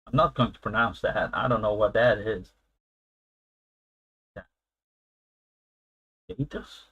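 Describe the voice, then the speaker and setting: A man's voice: lowish voice, takes it slowly, pauses often, breathy edge, lo-fi sound. A man hosting a casual live stream, chatting loosely and laughing often as he answers his viewers.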